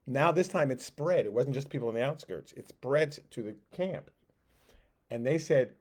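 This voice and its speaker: A man's voice: medium pitch, normal speed. A man teaching a Sunday school Bible lesson, casually retelling scripture and acting out the quotes, with frequent restarts.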